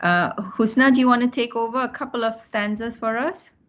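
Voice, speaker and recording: A woman lecturer with a Malaysian accent, teaching a class and pausing often with fillers and restarts. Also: fairly high pitch, steady tone, background noise. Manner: hesitant, many fillers and restarts. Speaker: university lecturer. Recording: dull lo-fi sound.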